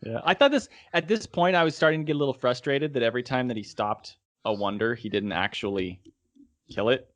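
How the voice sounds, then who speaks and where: A man's voice: mid-range voice, a little fast. A man co-hosting a podcast in casual chat, mostly chiming in briefly and firmly correcting details. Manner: short agreeing interjections, firm on details. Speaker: podcast co-host.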